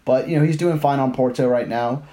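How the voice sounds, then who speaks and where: A man co-hosting a casual sports podcast, talking animatedly about football players and teams. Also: mid-range voice. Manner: animated, quick to correct pronunciation. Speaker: podcast co-host.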